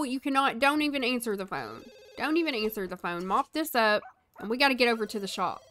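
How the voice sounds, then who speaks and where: A young woman with a slightly high, fairly bright voice is streaming a life-sim game. She chats casually, tells her characters what to do, and answers her chat in live gameplay commentary.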